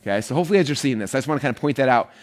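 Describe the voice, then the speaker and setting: A man teaching an online marketing course in a casual, energetic way, rambling a bit and using many fillers. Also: mid-range voice, very fast.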